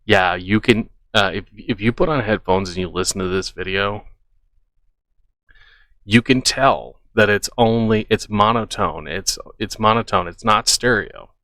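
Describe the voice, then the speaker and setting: Guy reacting to clips, skeptical, calling stuff out, somewhat low voice. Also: measured pace, bright, forceful tone, dry recording. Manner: skeptical, debunking. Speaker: reaction video host. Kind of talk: casual commentary.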